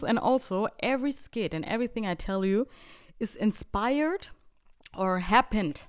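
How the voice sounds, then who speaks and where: A woman from Germany with a German accent, hosting a podcast and telling stories in a chatty, expressive way. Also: on the high side, measured pace, clean tone. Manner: chatty and expressive, with frequent fillers. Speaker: podcast host. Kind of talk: casual storytelling monologue.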